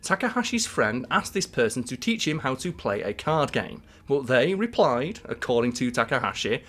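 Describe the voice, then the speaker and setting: A man co-hosting a casual podcast, animated and laughing as he acts out quotes. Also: medium pitch, moderate pace, few pauses. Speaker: podcast co-host. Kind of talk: casual chat.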